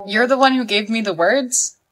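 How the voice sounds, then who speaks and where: A young woman acting in comedy skits, sassy and expressive. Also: on the high side, moderate pace, a crowd in the background, lightly acted. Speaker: lead in skits.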